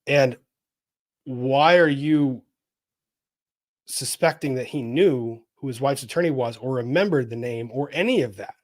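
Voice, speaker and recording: A man's voice: medium pitch, unhurried, long pauses. Wry man reading chat on a live stream. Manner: wry, animated, jokey asides.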